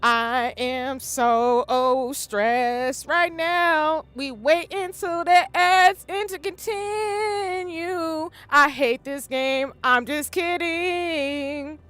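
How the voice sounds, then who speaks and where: A woman's voice: high voice, steady tone, very slow, fairly bright tone, dry recording, faint music behind. A woman in her thirties streaming a game live, tearful, emotional and goofy as she talks through it. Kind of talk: live gameplay commentary.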